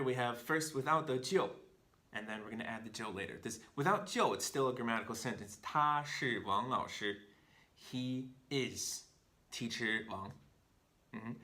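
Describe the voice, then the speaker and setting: A man teaching Chinese grammar, explaining each example clearly and step by step. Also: mid-range voice, pushed and bright. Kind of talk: scripted explanatory lesson.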